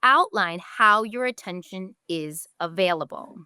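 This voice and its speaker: A woman's voice: mid-range voice, animated, measured pace, sharp tone, clear, resonant tone, no echo, clean studio sound. A woman, a podcast host giving direct, emphatic parenting advice and briefly acting out what parents and children say.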